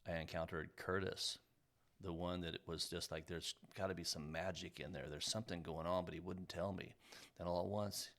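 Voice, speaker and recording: Deep gravelly man, fervent co-host. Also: fairly even intonation, normal speed, fairly bright tone. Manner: emphatic, motivational, builds to fervent bursts. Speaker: podcast co-host. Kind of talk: casual conversation.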